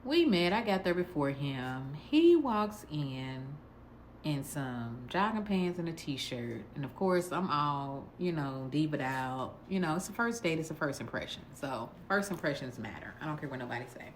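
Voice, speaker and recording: A woman with a low, full voice tells a story in a casual, blunt, sassy way. She keeps the talk lively and direct, with a faint hum of background noise behind her. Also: normal speed. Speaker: vlogger telling a dating story.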